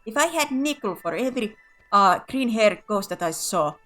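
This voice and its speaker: A woman's voice: on the high side, expressive, normal speed, bright, forceful tone. A woman streamer chatting casually over a game, giggling and tripping over her words. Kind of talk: casual gameplay chat.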